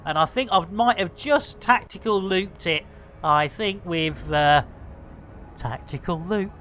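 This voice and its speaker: A man's voice: high-pitched, slow, sharp tone, slight background noise. A man commentating his live game stream with jokey, punning banter for his viewers.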